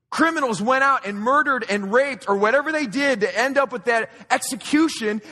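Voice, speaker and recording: High, bright-voiced preaching man in a hall. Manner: impassioned preaching, repeated rhetorical questions, swings from loud to hushed. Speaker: pastor. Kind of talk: sermon. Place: church auditorium. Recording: long reverb of a large hall.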